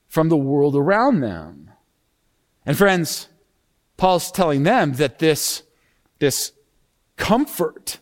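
A man preaching a sermon as pastor, lively and expressive, acting out tones when he quotes scripture. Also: high voice. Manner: animated preaching, acts out sarcastic tone when quoting scripture.

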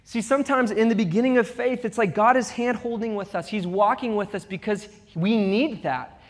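A young man preaching a sermon as pastor, with animated, humorous storytelling. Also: high-pitched, normal speed. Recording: long reverb of a big hall.

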